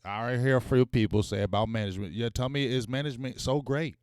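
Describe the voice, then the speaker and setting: Animated man ranting on sports. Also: medium pitch, fast talker, hardly any pauses, smooth, no echo, clean studio sound. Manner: animated, talks straight to viewers, casual slang. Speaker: sports talk show host. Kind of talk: live-stream sports talk.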